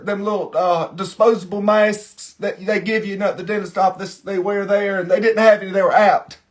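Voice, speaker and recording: A man's voice: high voice, natural voice. A man playing a chatty, easily irritated middle-aged Southern woman with a Southern US accent, who rambles on in a folksy drawl. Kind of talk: character monologue to camera.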